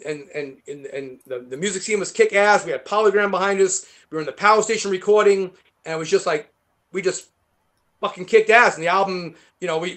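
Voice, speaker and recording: A man with a heavy New York accent, a guest guitarist rambling through animated stories in a casual interview. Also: high-pitched. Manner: rambling, animated storytelling with many fillers.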